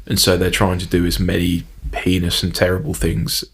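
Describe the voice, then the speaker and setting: A man's voice: low-pitched, monotone, moderate pace, vocal fry, slightly rough. A man co-hosting a podcast in casual chat, rambling with lots of fillers and laughing often. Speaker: podcast co-host.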